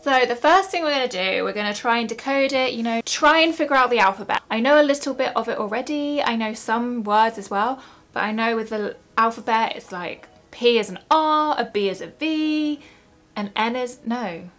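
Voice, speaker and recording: A woman's voice: on the high side, normal speed, fairly bright tone, faint music behind. A young woman vlogging from home in a chatty, rambling, self-mocking way. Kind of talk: casual vlog chat.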